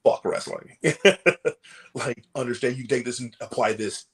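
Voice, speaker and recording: A man's voice: mid-range voice, normal speed, slight background noise. A man, a professional wrestler, telling stories in a casual podcast interview, laughing often and acting out quotes with casual swearing. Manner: animated storyteller, laughs often, acts out quotes.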